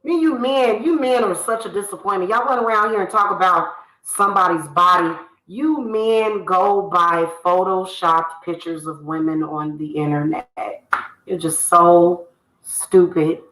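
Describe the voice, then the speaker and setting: A woman's voice: fairly low pitch, a little slow, a bit bright. A woman from the United States, ranting heatedly to camera and scolding people she addresses directly. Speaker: spiritual reader and channel host. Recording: echoey room.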